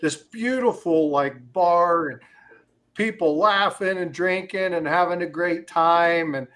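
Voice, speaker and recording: A man's voice: high voice, slow, fairly bright tone. A man hosting a casual livestream, talking in a rambling way with many fillers and telling stories. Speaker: crypto livestream host.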